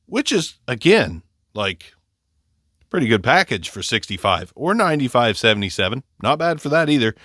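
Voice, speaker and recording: Low-voiced, nasal man with Appalachian twang. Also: pushed and bright, dry recording, clean studio sound. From Ohio. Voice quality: slightly nasal. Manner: chatty, joking, self-deprecating. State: congested from allergies. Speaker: microphone reviewer. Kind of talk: casual gear review. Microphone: close condenser microphone.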